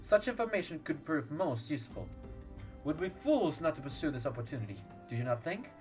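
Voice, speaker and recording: A man's voice: a little high, very animated, brisk, darkish tone, faint music behind. A man voicing a haughty, self-assured young male scholar, reading game dialogue aloud in a formal, clipped way. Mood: smug.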